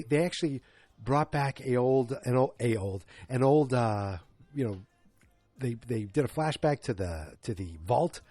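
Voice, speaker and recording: Husky-voiced man rambling a movie review. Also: mid-range voice, darkish tone, no echo. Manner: rambling, self-mocking, loose and jokey. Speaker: podcast host. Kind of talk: casual movie review monologue.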